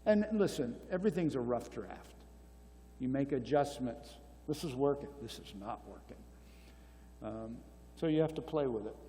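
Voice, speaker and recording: A man's voice: medium pitch, expressive, normal speed, warm tone, slight background noise. An older man answering questions at a marriage conference, earnest and exhortative, repeating key phrases. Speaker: conference speaker. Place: church hall. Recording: long reverb of a church hall.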